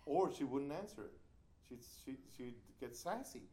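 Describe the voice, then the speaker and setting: A man who teaches writing workshops, telling an animated story about his own training with lively restarts. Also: mid-range voice, normal speed, a crowd in the background.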